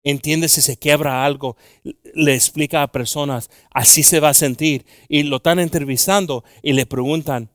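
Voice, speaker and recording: Preacher man swinging between hush and proclamation. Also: a little high, no room sound, studio quality. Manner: swings between hushed intimate talk and loud, slow, drawn-out scripture reading; halting, with frequent fillers and restarts. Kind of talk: bilingual sermon.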